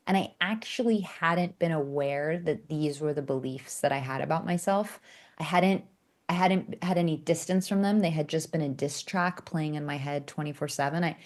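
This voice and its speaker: A woman, an author and coach, telling candid stories as a podcast guest, animated and self-mocking, with sarcastic asides. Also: sits low, moderate pace. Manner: acts out quoted dialogue in character voices. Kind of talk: candid conversational storytelling.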